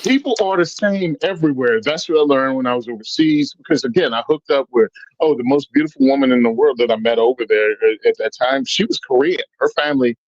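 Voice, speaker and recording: A man from Virginia, a guest telling stories in a casual chat, animated and quick to jump into voices. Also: medium pitch, dry recording. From Virginia, US South. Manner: animated, jumps into funny voices. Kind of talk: casual storytelling. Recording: dull, dry sound.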